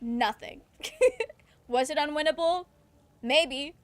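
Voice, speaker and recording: A woman's voice: high voice, takes it slowly, no echo. A young woman streaming a video game, chatting casually and reading chat aloud, laughing often and ranting with swearing. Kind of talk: casual gameplay commentary.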